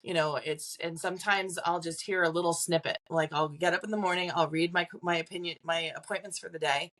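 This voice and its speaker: A woman's voice: on the low side, fairly even intonation, fairly quick, fairly bright tone. A woman guest on a podcast, a psychic medium, talking casually with lots of "like" fillers and little laughs. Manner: chatty, acts out quoted voices, frequent "like" fillers; laughs between points.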